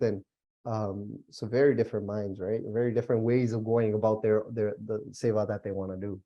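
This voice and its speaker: A man's voice: on the low side, fairly quick, muffled recording. A young man leading a casual religious study class, talking loosely with lots of fillers and easy laughs. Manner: relaxed, chatty, many fillers and laughs. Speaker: Gurbani class teacher. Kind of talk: casual spiritual class talk.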